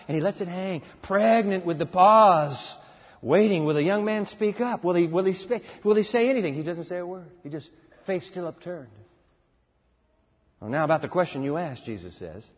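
Guy preaching, dramatic storytelling, husky voice, long hall echo, dull sound. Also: high voice, animated, fairly quick. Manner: dramatic storytelling, acts out dialogue. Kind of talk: sermon.

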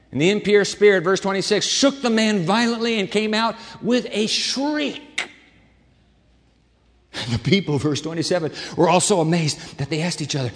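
A man preaching a sermon as a pastor, with an animated, dramatic delivery and shifting volume. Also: sits high, normal speed. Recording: long hall reverb.

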